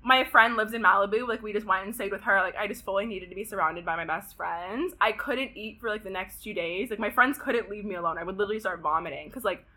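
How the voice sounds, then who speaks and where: A young woman of about twenty from Pasadena, California, a podcast guest telling a story in an animated, dramatic way, full of "like" and swearing. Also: mid-range voice, quick pace, hardly any pauses. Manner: dramatic, animated retelling, heavy use of "like" and swearing. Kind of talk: casual storytelling chat.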